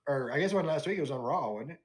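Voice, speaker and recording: A man hosting a wrestling podcast, his voice sitting a little high. He tells the week's events in a loose, animated way and slips into the wrestlers' lines as he goes. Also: very fast. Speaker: podcast host. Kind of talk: casual wrestling recap chat.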